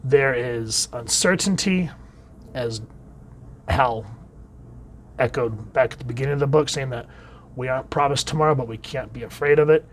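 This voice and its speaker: A man giving a casual comic book review, chatting along and letting phrase ends drop quietly. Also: medium pitch, normal speed, pauses often, slight background noise.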